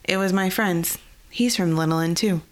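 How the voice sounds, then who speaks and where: Timid storybook guard, soft and scratchy, apologetic, voiced by a woman. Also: lowish voice, moderate pace, natural voice. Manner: hesitant, apologetic. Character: gentle elderly-sounding male camp guard, nervous.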